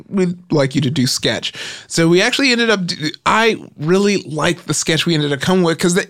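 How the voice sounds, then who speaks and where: A man's voice: no echo, studio quality. A man hosting a casual comedy podcast chat, telling a story with energy and acting out the quotes of others. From Nigerian family background. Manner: animated storyteller, acts out quotes with jumps in pitch.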